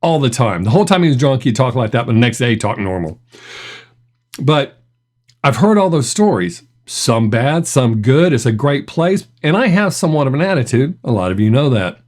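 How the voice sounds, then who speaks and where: A man's voice: mid-range voice, sing-song, normal speed, darkish tone. A middle-aged man hosting a reaction video, telling stories in a chatty way and laughing often. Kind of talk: casual reaction commentary.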